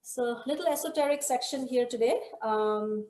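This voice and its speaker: A woman hosting an online scripture study group, leading the discussion and telling stories in an animated way over a video call. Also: fairly high pitch, moderate pace. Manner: animated storyteller. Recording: roomy echo.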